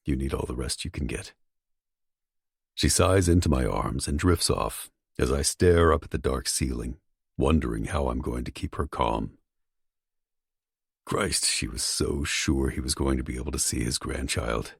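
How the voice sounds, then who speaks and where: A man narrating a romance audiobook in the first person, steady and intimate, on a close studio mic. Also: very deep voice, moderate pace, creaky, husky, no room sound.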